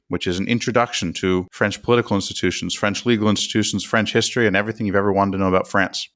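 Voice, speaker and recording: American guy cohosting a podcast, lowish voice, chatty, jokes about himself. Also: a bit bright. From United States. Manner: chatty, self-deprecating, with fillers and restarts. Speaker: podcast co-host. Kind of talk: explanatory podcast talk.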